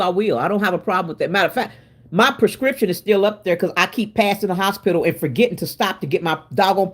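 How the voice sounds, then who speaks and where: A woman hosting a casual cooking livestream, chatty and expressive, laughing and answering her viewers while she cooks in her home kitchen. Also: mid-range voice. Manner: chatty and expressive, laughing and talking back to chat. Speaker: livestream host.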